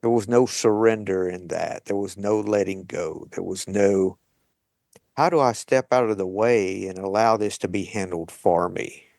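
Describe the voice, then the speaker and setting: Male host, unhurried and thoughtful, dry close sound, mid-pitched. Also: gravelly, darkish tone, dry recording. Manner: slow, thoughtful, with light laughs. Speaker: podcast host leading a recovery meeting. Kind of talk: reflective reading and sharing.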